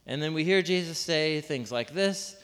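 A pastor preaches to a live congregation in a large room, keeping his sermon informal and conversational with asides, rhetorical questions and self-deprecating jokes. His voice is a little high and a bit bright, at normal speed. The recording carries the long reverb of a big hall.

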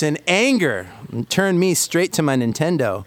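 Man preaching with a smooth, resonant voice. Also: a little high, moderate pace, few pauses. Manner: animated storytelling with self-deprecating humor. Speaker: pastor. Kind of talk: sermon.

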